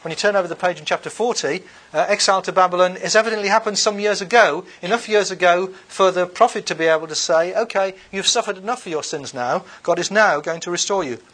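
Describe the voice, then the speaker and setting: A man, his voice set a little high, gives an unscripted bible lecture. He reads passages aloud and then talks them through in a loose, conversational way, often pausing on ums and uhs and restarting his sentences. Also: fairly bright tone. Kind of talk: unscripted lecture with scripture readings.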